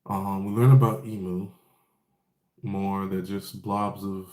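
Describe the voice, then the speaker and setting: A man's voice: deep voice, little pitch movement, slow pace, a little mellow, reverberant. A man casually recapping an anime episode in a rambling, laid-back way, with plenty of fillers and swearing.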